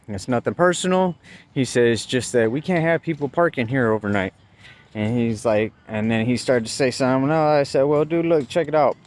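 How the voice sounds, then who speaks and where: Profane, agitated man retelling a confrontation. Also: darkish tone. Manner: profane, agitated storytelling, voice jumps high when quoting himself. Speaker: vlogger. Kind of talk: casual spoken recap.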